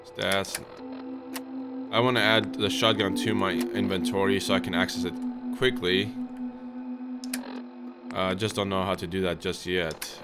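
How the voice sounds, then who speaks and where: Male let's-play host, lowish voice, chatty with viewers, game music clearly behind him. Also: flat delivery, a little slow, pauses often. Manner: chatty, talks to viewers, yelps when startled. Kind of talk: gameplay commentary. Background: game music and sounds.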